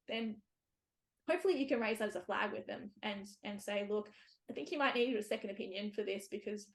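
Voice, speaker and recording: A woman hosting a casual podcast conversation, chatty, with many fillers and easy laughs. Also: medium pitch. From Australia. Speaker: physiotherapist podcast host.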